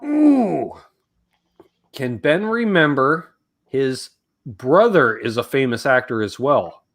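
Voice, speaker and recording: A man's voice: mid-range voice, big pitch swings, takes it slowly, a bit bright. A Canadian man hosting a live Q&A stream, casual and rambling, joking around and reading chat comments aloud.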